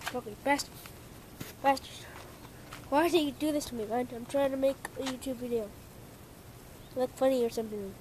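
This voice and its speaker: A woman's voice: high-pitched, normal speed, pauses often, a little hiss or hum. A young woman filming a casual home video, swearing and calling out to her dog while she talks to the camera. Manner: shouting, swearing, playfully exasperated at the dog. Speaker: vlogger.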